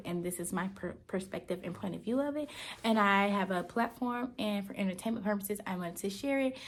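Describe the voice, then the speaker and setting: A teenage girl from Georgia, telling a story in a chatty, slangy, playful way in a casual vlog. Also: medium pitch. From Georgia, USA. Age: teens. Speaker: vlogger.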